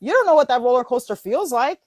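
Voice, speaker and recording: A woman hosting a casual chat about mindset, telling animated stories full of laughs and voiced quotes. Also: sits high, fast, no room sound. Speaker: host.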